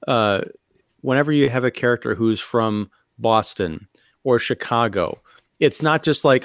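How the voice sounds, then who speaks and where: A man's voice: mid-range voice, unhurried, clear, resonant tone, dry recording, clean studio sound. A man co-hosting a film podcast, hesitant and searching for words, with sarcastic asides. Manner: hesitant, lots of fillers and restarts, sarcastic asides. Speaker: podcast co-host. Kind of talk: casual film discussion.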